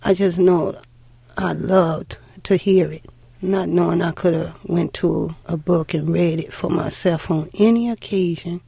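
A middle-aged woman telling a heartfelt personal story in an unhurried way, acting out old conversations. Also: lowish voice, steady tone, gravelly, warm tone, husky, no room sound. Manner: unhurried, heartfelt, acts out dialogue. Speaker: interviewee.

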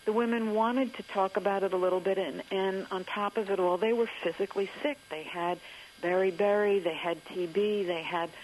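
A woman author in a radio interview, recounting history in a thoughtful storytelling way with frequent pauses and fillers. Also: medium pitch, fairly even intonation, slight background noise, poor audio.

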